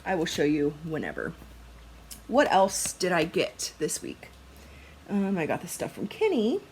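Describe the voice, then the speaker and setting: A woman's voice: lowish voice, big pitch swings, unhurried, darkish tone, slight background noise. A young woman chatting casually about her stitching, laughing often and swearing now and then. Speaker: cross-stitch vlogger.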